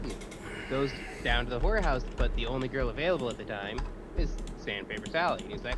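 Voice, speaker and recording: An easygoing man tells a crude joke to a friend in a halting, casual way. His voice comes through a mic with clear background noise. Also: mid-range voice, lively intonation. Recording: noisy mic.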